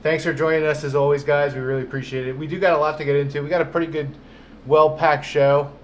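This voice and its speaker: A man's voice: on the high side, flat delivery, fast, slight background noise. A man co-hosting a comedy podcast, chatting casually with lots of fillers and restarts. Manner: rambling, filler-heavy talk. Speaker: podcast co-host. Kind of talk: casual chat.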